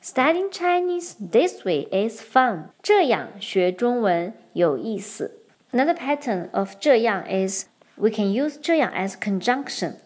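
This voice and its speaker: A young woman hosting a podcast lesson, explaining Chinese patterns clearly and switching between English and Mandarin. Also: fairly high pitch, darkish tone. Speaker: podcast host and Chinese teacher. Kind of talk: bilingual language lesson.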